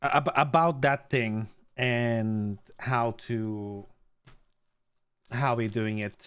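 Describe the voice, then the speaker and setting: A man's voice: medium pitch, steady tone, slow, a bit bright, smooth. A young adult man from Bulgaria chatting casually with his live stream viewers, stammering through restarts, swearing freely and greeting chatters by name.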